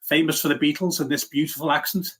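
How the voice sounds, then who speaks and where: A middle-aged man from Liverpool whose accent is a blend of Liverpool and Welsh. He talks fast in a chatty, self-deprecating way, with plenty of fillers and false starts. He sounds like an interview guest telling his story. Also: on the high side, steady tone, husky. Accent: mixed Liverpool and Welsh. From Liverpool, England. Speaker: guest, software engineering leader. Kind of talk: casual interview chat.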